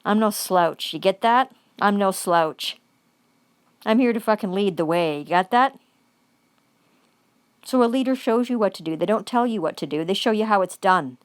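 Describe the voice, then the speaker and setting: A woman's voice: medium pitch, expressive, normal speed, pauses often, clean tone, no echo. A woman giving an angry, profane vlog monologue, repeating phrases for emphasis.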